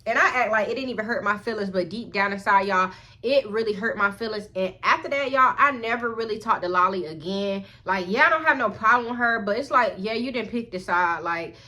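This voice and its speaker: Bright, chatty young woman telling a story. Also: fairly quick. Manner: chatty, expressive, keeps addressing viewers as y'all; acts out quoted lines in a higher put-on voice. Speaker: vlogger. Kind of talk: storytime vlog.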